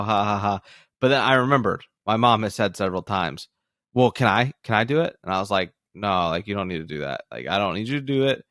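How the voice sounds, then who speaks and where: Low-voiced young man, rambling, on a dry mic. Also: a bit bright, no room sound. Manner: rambling, loose, with many restarts. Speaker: podcast co-host. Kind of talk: casual sports podcast chat.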